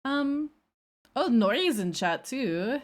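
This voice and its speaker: A woman streaming casually, reacting to her old clips in an animated, self-mocking way. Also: high voice, takes it slowly. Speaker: VTuber streamer.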